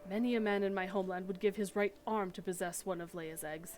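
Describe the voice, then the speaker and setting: A woman's voice: mid-range voice, steady tone, quick pace, darkish tone, slight background noise, natural voice. A woman reading the part of a formal, anxious male noble who breeds chocobos, in old-fashioned speech, for a game. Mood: earnest.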